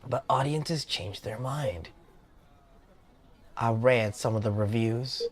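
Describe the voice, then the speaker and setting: A man's voice: medium pitch, slow, heavy background noise, lightly acted. A man voicing a weary male singer with creative block, using a put-on British accent and a glum, self-critical manner. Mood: gloomy. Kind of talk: game character voice-over.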